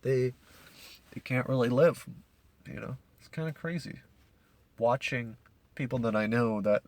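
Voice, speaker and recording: A man's voice: mid-range voice, dry recording. A young man from Canada ranting casually as a podcast host, profane and rambling with many restarts.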